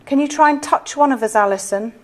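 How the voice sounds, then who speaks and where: Woman, high-pitched, gently coaxing séance leader. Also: quick pace. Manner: soft, coaxing, pleading questions. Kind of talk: ghost-hunt séance questioning.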